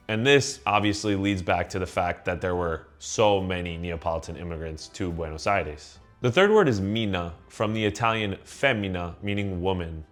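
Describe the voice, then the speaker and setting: A man gives a scripted lesson on where words come from. His voice sits low, and he explains things clearly and at a steady pace. Soft music plays quietly behind him. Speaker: channel host explaining word origins. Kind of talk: scripted educational narration.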